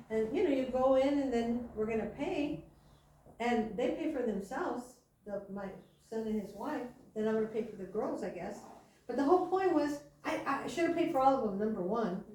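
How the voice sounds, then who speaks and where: A woman preaching a sermon, telling stories in a chatty way and slowing down to stress key lines. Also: on the high side, darkish tone. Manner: chatty storytelling with slow emphatic lines. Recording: echoey hall from far off, faint hiss.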